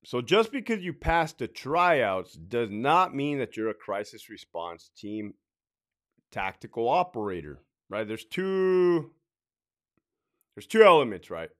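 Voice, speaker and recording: A man's voice: mid-range voice, very animated, slow pace, a bit bright. A man in his late thirties tells his own career story in a casual vlog, swearing freely and rambling as he keeps tagging his sentences with "right?". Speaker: prison sergeant and veteran telling his career story.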